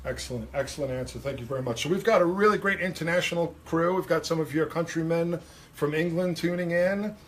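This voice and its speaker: A man's voice: fairly high pitch, brisk. A man with a New York accent hosting a live stream, reading out viewers' comments and asking questions. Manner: upbeat, reads out viewer comments. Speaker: livestream host.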